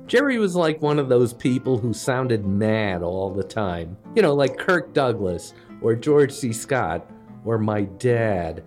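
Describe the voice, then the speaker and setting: A man's voice: mid-range voice, very animated, takes it slowly, a little mellow, faint music behind. A man telling a comedic story in a wry, self-deprecating way.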